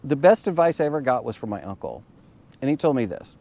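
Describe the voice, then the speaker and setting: A man voicing a bold young male coworker with earnest, halting sweet talk. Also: medium pitch, sing-song, mellow. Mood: confident.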